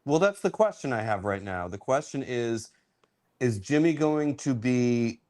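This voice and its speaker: A man, a writer and humorist, speaking in a measured, questioning way on a video call. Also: mid-range voice, animated, darkish tone. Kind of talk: casual chat.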